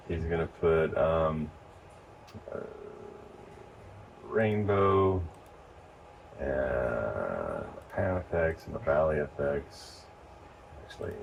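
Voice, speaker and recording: A man with a very low voice gives casual, step-by-step training to church volunteers. He is recorded from a distance, and faint noise hangs behind him. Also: vocal fry. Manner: relaxed, explains step by step. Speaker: lighting instructor.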